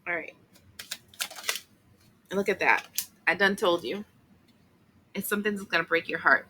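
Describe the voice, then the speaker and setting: A woman's voice: fairly low pitch, a little slow, sharp tone, a little hiss or hum, poor audio. A woman giving a casual, chatty tarot reading, emotional at times, with many fillers and asides. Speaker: tarot reader.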